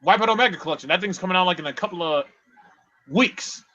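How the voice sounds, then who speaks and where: A man's voice: high voice, fast talker, bright, forceful tone. A man on a casual gaming podcast, playful and mock threatening. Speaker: podcast co-host. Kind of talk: casual group chat. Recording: dull lo-fi mic.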